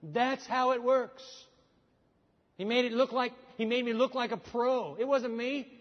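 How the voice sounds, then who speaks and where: A man preaching a sermon as pastor, telling a story with animated voices for the people in it. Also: very high voice, a little slow. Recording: dull sound with long hall reverb.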